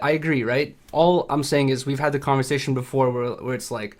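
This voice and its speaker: A man on a livestream giving a nervous, halting apology, rambling and full of fillers. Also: a little high. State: nervous, shaky. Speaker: streamer.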